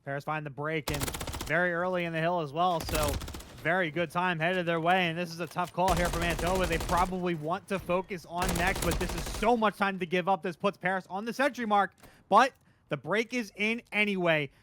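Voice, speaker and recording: A man calling play-by-play for a video game match, getting louder and quicker in the big moments. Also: sits high. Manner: fast, excitable, rising in big moments. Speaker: esports caster. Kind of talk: play-by-play commentary. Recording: noisy game audio behind.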